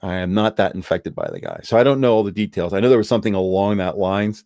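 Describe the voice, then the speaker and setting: A man's voice: sits low, very animated, quick pace, gravelly, a little mellow, no echo, studio quality. A man hosting a live stream, giving blunt, rambling opinions in casual chat. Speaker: streamer hosting a call-in discussion.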